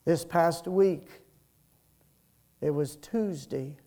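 A man preaching a sermon as pastor, slow and emphatic, rising to loud peaks and dropping to soft, quiet passages. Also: on the high side. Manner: slow, emphatic preaching that swells and drops in loudness.

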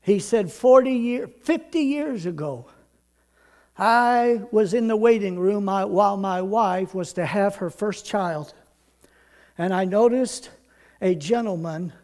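An older man preaching a sermon, building to loud emphatic repetition and then dropping to quiet storytelling. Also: high voice. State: out of breath.

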